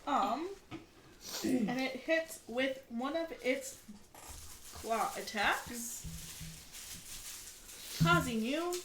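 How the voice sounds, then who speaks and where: A woman acting as dungeon master, calmly narrating monster attacks and asking for the players' rolls. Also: high voice, drawn-out words, pauses often, roomy sound, noisy background. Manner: matter-of-fact narration of enemy attacks. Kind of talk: running a tabletop game.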